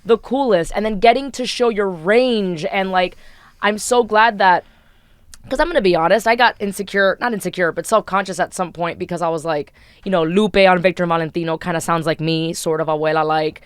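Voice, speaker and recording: A woman's voice: fairly low pitch, brisk, smooth, no room sound. A woman co-hosting a podcast, a voice actor talking candidly and upbeat about her work. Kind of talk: casual podcast chat.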